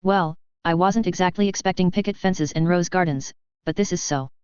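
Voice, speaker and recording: A woman's voice: on the low side, moderate pace, a little mellow, smooth, dry recording, lightly acted. A woman voicing a frank, outspoken young witch who speaks in a plain, exclamatory way. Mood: disgusted. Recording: dull, lo-fi, dry.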